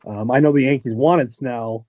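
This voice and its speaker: A man on a sports podcast giving measured analysis, thinking aloud with fillers. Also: medium pitch, dry recording. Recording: dry, slightly dull lo-fi sound.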